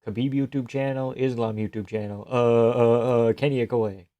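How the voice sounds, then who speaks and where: A man's voice: medium pitch, steady tone, normal speed, mellow, no echo, lo-fi sound. A young man hosting a live stream, chatting casually, joking around and reacting to viewer chat. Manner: rambling, jokey, reads chat aloud.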